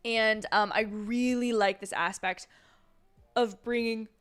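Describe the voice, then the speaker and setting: A young woman hosting a casual watch-along livestream, chatty and rambling, with quick apologetic asides and a sleepy edge. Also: fairly high pitch, steady tone, fairly bright tone, smooth. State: sleepy, yawning. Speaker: livestream host.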